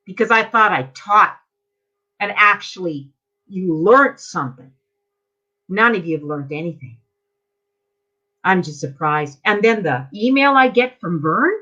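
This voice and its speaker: A Canadian woman with a mid-range, sharp-toned voice addresses a group meeting as a member, angry and accusing as she fires off rhetorical questions. It's a heated speech, captured in dull lo-fi audio.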